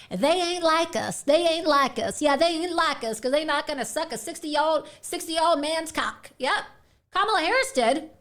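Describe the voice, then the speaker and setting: A young woman hosts her own show and delivers a fiery monologue straight to camera. Her voice sits high and bright, and she is sarcastic, defiant and blunt, with profanity and quick laughs between jabs. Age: young adult. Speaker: host of an online political show. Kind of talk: angry political monologue to camera.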